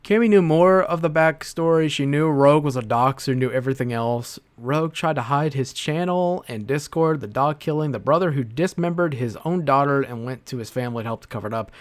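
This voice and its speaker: A man's voice: medium pitch, fairly quick, few pauses. A man on a livestream reading messages aloud in a casual, profane rant with sarcastic asides.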